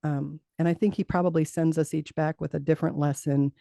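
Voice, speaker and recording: A woman's voice: low voice, steady tone, brisk, gravelly, mellow, no echo, studio quality. A middle-aged woman, a guest in an interview, telling a personal story in earnest. She laughs often and repeats words as she talks.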